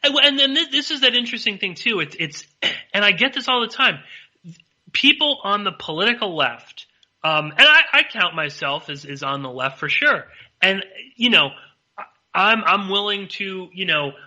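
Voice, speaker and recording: A man's voice: sits high, expressive, moderate pace, sharp tone, highs cut off. A male podcast host in a political discussion, who hesitates and restarts often. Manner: hesitant, many fillers and restarts.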